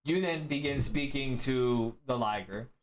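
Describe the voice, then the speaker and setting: A man's voice: medium pitch, a little hiss or hum. A man narrating as the game master of a tabletop game. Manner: slow, lively narration.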